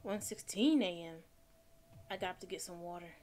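A woman with a lowish, darkish voice speaks at normal speed while playing a horror game for her gaming channel. Her let's play commentary is nervous, with her talking to herself throughout.

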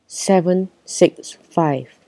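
A woman's voice: fairly low pitch, extremely slow, warm tone, no room sound. A woman reading aloud as a know-it-all male snowman teacher who lectures and counts down. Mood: lecturing.

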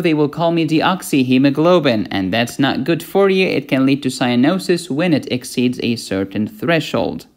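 A man's voice: mid-range voice, lively intonation, moderate pace, few pauses. A man giving a playful medical lecture, asking questions and answering them himself. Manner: playful, asks and answers his own questions.

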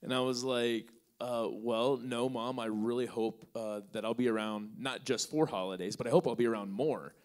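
A male podcast host answers an audience question before a live crowd, telling a story with acted-out dialogue in which he plays both sides of the conversation. He's relaxed and uses many fillers, speaking at a medium pitch and normal speed with few pauses.

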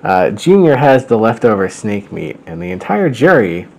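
A man's voice: lowish voice, big pitch swings, moderate pace, creaky, darkish tone, rough recording. A man hosting a show, reading a story aloud with wry, amused commentary. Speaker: host.

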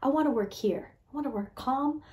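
A woman coaching her listeners on mindset, talking in an animated way and asking "right?" again and again. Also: high voice, brisk, echoey room, highs cut off. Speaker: mindset and weight-loss coach. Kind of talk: motivational talk to listeners.

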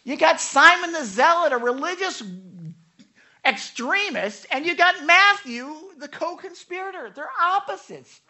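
Man preaching, pastor, bright voice, stammers and repeats words, animated storytelling, acts out characters casually. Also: extremely high pitch, measured pace. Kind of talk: sermon. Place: church sanctuary.

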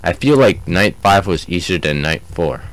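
A man's voice: deep voice, lively intonation, moderate pace, dry recording. A young man commenting on a horror game as he plays, joking and taunting the enemies on screen. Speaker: gameplay commentator. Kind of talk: let's play commentary.

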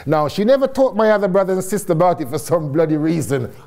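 A middle-aged man from Jamaica, telling his story as a guest speaker to a live audience, animated and laughing often, with casual swearing. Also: high voice, fast talker, creaky, heavy background noise.

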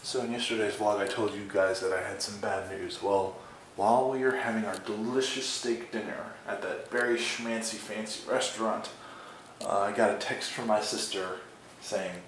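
A man's voice: lowish voice, a little slow, fairly bright tone. A young man talking casually through his day in a rambling, chatty, self-mocking way. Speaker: vlogger. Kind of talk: casual daily vlog. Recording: noisy background ambience.

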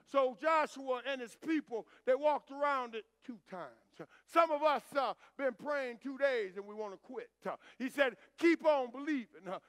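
A pastor preaches in a strikingly high, bright voice, sliding from low murmurs up to shouted declarations. His delivery is rhythmic and repetitive in call-and-response style. The sound is dry and close, with no room echo. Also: measured pace, few pauses. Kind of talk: preaching a sermon.

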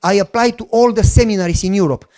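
A middle-aged man with a Romanian accent, a pastor telling a story in a sermon, animated and joking as he acts out the dialogue. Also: high-pitched, quick pace.

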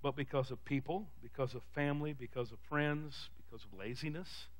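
A man with a Texan accent preaching a sermon as pastor, calling out to the congregation and swinging from shouted peaks to quiet, fast asides. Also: mid-range voice. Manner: preaching with call-and-response, rising to shouts. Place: church sanctuary.

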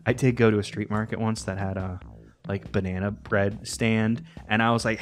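A man's voice: on the low side, little pitch movement, brisk, soft background music. A man doing casual let's-play commentary, rambling and chatty and swearing casually as he plays.

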